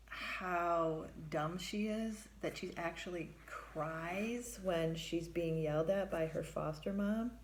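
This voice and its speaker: A therapist telling a personal story in a vivid, conversational way, acting out the voices of the people in it. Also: female voice, lowish voice.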